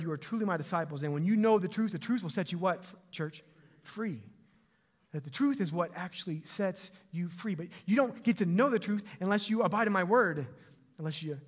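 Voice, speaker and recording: A fairly high-voiced male pastor delivering a church sermon. He tells scripture stories with animated energy, going from loud, emphatic lines to hushed intensity. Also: a little fast. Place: church sanctuary.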